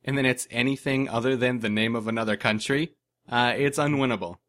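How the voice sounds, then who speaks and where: A podcast co-host chats casually, his humor dry and sarcastic. His mid-range voice is brisk with a fairly bright tone.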